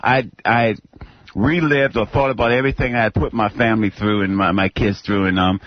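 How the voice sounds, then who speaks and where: A former pro football player guesting on a radio show, answering in halting, stammering restarts. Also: male voice, on the low side, steady tone, no echo, dull audio. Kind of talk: radio interview.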